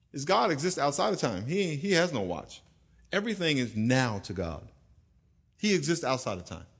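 A middle-aged man preaching a sermon with a bright, forceful voice that swings all over the place. He keeps it animated and humorous and pulls the congregation into answering him. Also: medium pitch, husky. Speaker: pastor.

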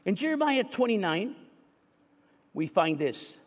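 A pastor delivers a sermon in an echoey hall with long reverb, telling a story and reading scripture aloud with rising fervor. His voice sits high, with big pitch swings, a measured pace, and a breathy edge.

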